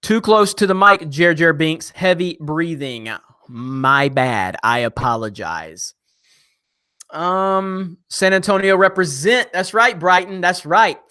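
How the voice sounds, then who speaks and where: Reading out comments during a laid-back live stream, a young man fires jokes back at his viewers and tosses quick asides to chat. His voice is slightly high, bright and forward, with a clear, resonant tone, and his delivery stays animated.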